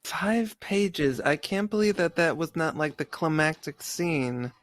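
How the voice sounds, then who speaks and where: A man's voice: on the high side, animated, unhurried. A man co-hosting a podcast, making wry joking remarks in casual banter. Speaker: podcast co-host.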